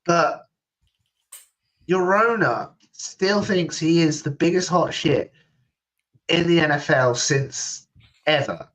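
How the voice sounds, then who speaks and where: A man's voice: a little high, takes it slowly, pauses often, a bit bright, poor audio. A man hosting a casual sports podcast, ranting sarcastically and laughing. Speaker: podcast host.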